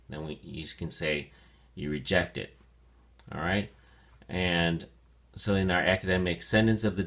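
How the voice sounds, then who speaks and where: A male teacher giving a vocabulary lesson to students, pronouncing words slowly and deliberately with frequent fillers. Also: low-pitched, fairly bright tone. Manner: slow, deliberate enunciation with fillers.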